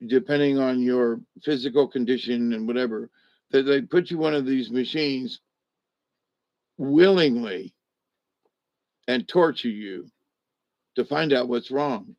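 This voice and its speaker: An older man chatting casually to his viewers, drowsy and a little medicated after a hospital stay, meandering and halting with many restarts. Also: medium pitch, a little mellow, no echo. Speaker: vlogger talking to live chat. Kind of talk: rambling casual chat to viewers. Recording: dry, dull lo-fi home recording.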